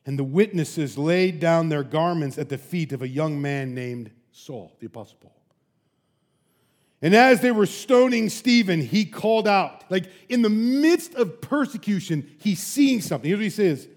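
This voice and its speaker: A pastor delivering a sermon in a fairly high male voice. He moves between loud, emphatic peaks and quiet, dropped lines. He keeps throwing in casual rhetorical questions. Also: normal speed. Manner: emphatic, animated preaching with sudden loud peaks and soft drops.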